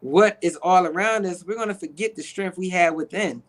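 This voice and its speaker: A man being interviewed, an actor, telling an emotional personal testimony in a slangy, animated, preacher-like way, acting out quoted dialogue. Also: sits high, a little fast, poor audio. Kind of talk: emotional conversational storytelling.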